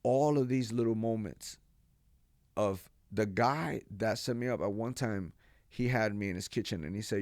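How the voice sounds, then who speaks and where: A man from Texas, a pastor and podcast guest, telling his life story in a lively, animated way, acting out what people said and laughing now and then. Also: fairly low pitch, moderate pace, no echo, clean studio sound. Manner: animated storyteller, acts out quotes, laughs often. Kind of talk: storytelling interview.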